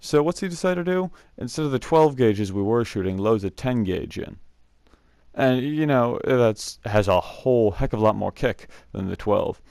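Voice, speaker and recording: A man's voice: medium pitch, lively intonation, normal speed, gravelly, darkish tone, no echo, studio quality. A young man casually telling rambling camp stories, laughing often and filling gaps with "uh". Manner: rambling, laughs often, many fillers and restarts. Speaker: scout camp storyteller. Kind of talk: casual storytelling vlog.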